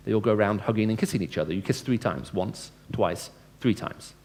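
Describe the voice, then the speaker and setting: A man with a low, darkish voice speaks fairly quickly in a lecture-style evangelistic talk before a live audience. The Christian speaker keeps it conversational, asks his listeners questions, and plays out dialogue with a changing tone.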